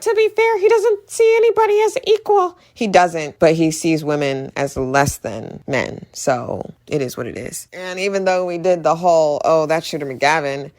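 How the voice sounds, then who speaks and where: A woman casually recapping a movie with strong opinions, talking in a chatty way full of "like" and "literally". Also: deep voice. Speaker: movie reviewer.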